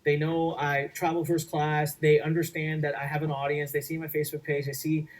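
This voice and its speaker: A man presenting a workshop, giving an energetic sales pitch in an emphatic, repetitive way. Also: fairly quick, recorded from a distance, low-quality recording. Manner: emphatic, repetitive, acts out quoted voices.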